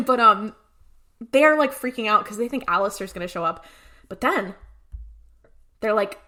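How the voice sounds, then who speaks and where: A woman's voice: on the high side, expressive, normal speed, bright, forceful tone. A woman co-hosting a podcast, casually retelling TV episodes and acting out the characters' lines. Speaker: podcast co-host. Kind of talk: casual rewatch podcast recap.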